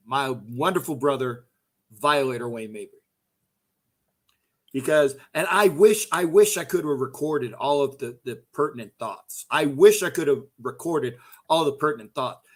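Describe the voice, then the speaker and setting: A middle-aged man hosts a fan call-in show, his voice a little high, animated, and unhurried. He launches into a heated, casual fan rant, profane and fired up, often repeating himself.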